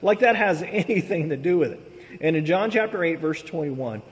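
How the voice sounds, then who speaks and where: A man's voice: on the high side, moderate pace. Guy preaching, reading scripture with loose chatty asides, lots of hall echo. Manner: conversational, animated asides. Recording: long hall reverb.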